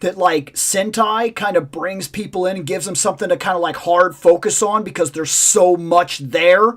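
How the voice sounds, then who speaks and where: A podcast co-host in casual chat, telling long rambling stories and stretching words for emphasis. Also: mid-range voice. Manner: rambling storyteller, drawn-out emphasis.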